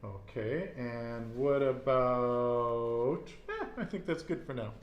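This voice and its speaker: A man's voice: mid-range voice, lively intonation, slow pace, roomy sound, dull audio. A man teaching a casual Spanish lesson, repeating each answer and praising it.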